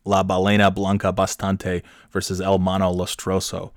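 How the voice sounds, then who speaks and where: A man telling a comic story recap in a rambling, hesitant, deadpan way. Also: deep voice, moderate pace, no room sound, studio quality.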